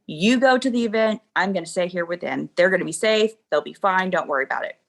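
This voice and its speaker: A woman's voice: fairly low pitch, quick pace, vocal fry, fairly bright tone. A middle-aged woman, an interview guest, telling a personal story in a chatty way, laughing often and acting out what people said. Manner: chatty, laughs often, acts out quoted dialogue.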